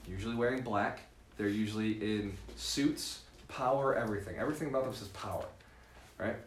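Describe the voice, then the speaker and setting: A man teaching a live seminar to a room, talking at an ordinary middle pitch. He keeps it lively and chuckles often, checking in with the audience as he goes. The sound is roomy and echoey, with faint ambience underneath. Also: slight background noise. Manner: lively, laughing, often tags with "right?". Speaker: real estate mentor.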